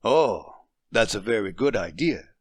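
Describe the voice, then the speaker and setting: A man's voice: on the low side, animated, a little slow, slightly rough, no room sound. A man voicing a stubborn, domineering French husband past fifty who speaks sternly and commands.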